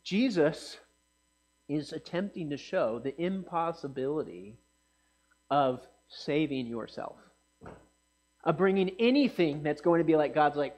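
Male preacher, high voice, conversational sermon delivery, slight electrical hum under it. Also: measured pace, long pauses. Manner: conversational, animated asides to the congregation. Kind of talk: sermon with scripture reading.

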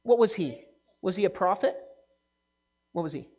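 A woman teaching a Bible lesson to a young group, animated and asking her listeners questions as she goes. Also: on the low side, moderate pace, dull audio.

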